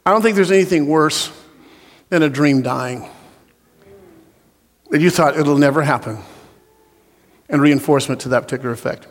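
A man delivers a sermon in a high, ringing voice. He tells homely stories, then climbs into fervent, shouted calls. A long reverb trails his words through the hall. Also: moderate pace, long pauses. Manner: storytelling, rising to impassioned shouts. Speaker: preacher.

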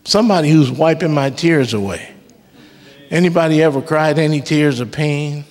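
Man preaching with a high voice in a hall. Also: moderate pace, darkish tone. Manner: emphatic preaching with call-and-response; casual, joking asides. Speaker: worship leader preaching. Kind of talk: sermon. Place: church sanctuary. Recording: long reverb of a church hall.

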